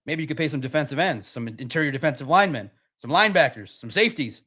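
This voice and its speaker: A man with a notably high voice hosts a sports podcast. He rants with heat and hammers each point, repeating words and mocking the other side. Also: lively intonation, fast talker, bright, forceful tone, husky. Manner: emphatic, repetitive, mocking. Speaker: podcast host. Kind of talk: heated sports podcast rant.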